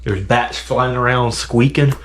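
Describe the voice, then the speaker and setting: A man's voice: medium pitch, steady tone, measured pace, a little hiss or hum. A man vlogging outdoors at night, explaining plainly how to start a fire. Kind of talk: vlog narration.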